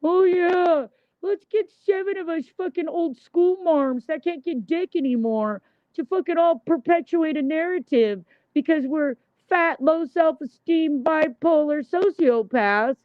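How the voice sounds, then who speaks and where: A woman's voice: sits high, unhurried, no echo, pitched above the performer's own voice. A woman putting on a sneering, whiny voice to mock spiteful middle-aged gossips, on a dull, dry lo-fi mic. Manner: mocking, whiny, exaggerated.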